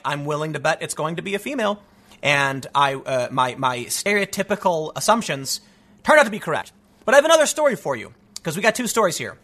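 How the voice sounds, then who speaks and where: A man's voice: high-pitched, sharp tone. A man hosting an opinionated news commentary show, reading stories aloud and mocking them with sarcastic, rambling asides.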